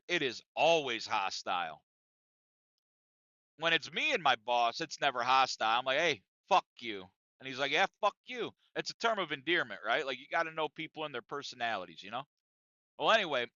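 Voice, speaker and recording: A man hosting a podcast, telling a profane comic story in an animated, conversational way, in a dry, dull lo-fi recording. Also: a little high, no room sound. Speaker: podcast host.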